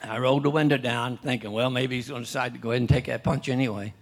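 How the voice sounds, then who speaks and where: An older pastor preaches a sermon, telling a personal story at a fast clip with fairly even intonation, restarting often and clearing his throat. When he reads scripture, his voice gets louder and higher.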